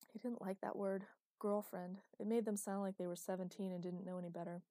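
A woman narrating a novel as an audiobook, in an even, unhurried storytelling manner. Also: medium pitch, no room sound. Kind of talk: scripted narration.

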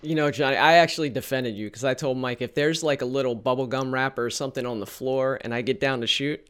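A man's voice: mid-range voice, smooth. Male interviewer, casual, chatty, easygoing questions. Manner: relaxed, chatty, quick to laugh.

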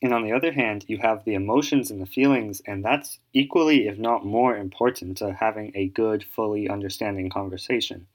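A man's voice: lowish voice, a little fast, hardly any pauses. A man explaining an idea in casual, rambling talk, full of fillers and restarts as he thinks aloud. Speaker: solo speaker giving advice.

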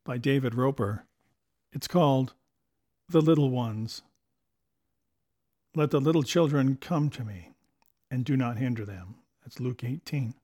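A man reads a short devotional essay aloud for a story podcast he hosts, using a storytelling delivery. His voice is mid-range and a little mellow.

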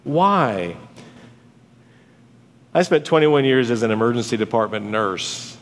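A man's voice: mid-range voice, a little fast. A man preaching a sermon as pastor, earnest and conversational, with storytelling asides. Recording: long church hall reverb.

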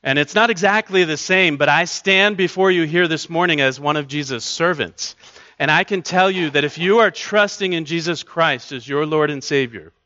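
Bright earnest male preacher, dry sound. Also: on the high side, no room sound, highs cut off. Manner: earnest, conversational preaching with repeated restarts. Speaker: pastor. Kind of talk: sermon. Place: church.

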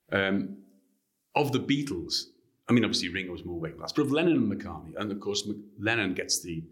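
A man from Liverpool with a Liverpool accent, a guest author telling anecdotes in an interview in an animated way. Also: sits low. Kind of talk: interview storytelling.

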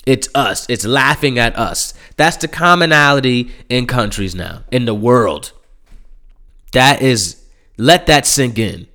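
Heated, profane podcast host, smooth voice. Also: male voice, medium pitch, animated, slow. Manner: profane, heated, swings into loud mocking impressions. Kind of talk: solo podcast rant.

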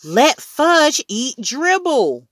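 A woman's voice: mid-range voice, expressive, takes it slowly, fairly bright tone, no echo, clean studio sound, voice pushed up. A woman voicing an indignant schoolboy, an older brother who talks in an insistent, outraged way, in a storybook reading.

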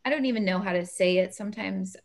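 Casting: woman podcast host, mid pitch, soft-hearted and laughing, video-call interview. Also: fast. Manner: warm, emotional, laughs often.

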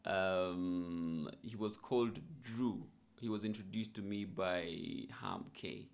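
A man's voice: sits low, steady tone, takes it slowly. A young man, a musician, telling his story in a casual podcast interview in a laid-back, reflective way. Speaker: musician guest.

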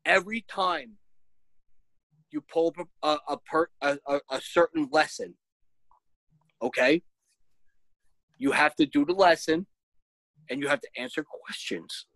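A woman's voice: sits low, unhurried, long pauses, a bit bright, no echo, rough recording. A woman co-hosting a casual chat, ranting in exasperation with lots of swearing and bursts of laughter. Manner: rises to shrieking when worked up.

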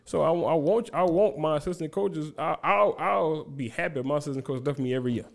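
A man who is a basketball coach, guest on a casual podcast, speaking in a relaxed way and often repeating his first words. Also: a little high, brisk, vocal fry. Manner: relaxed, repeats words when starting sentences.

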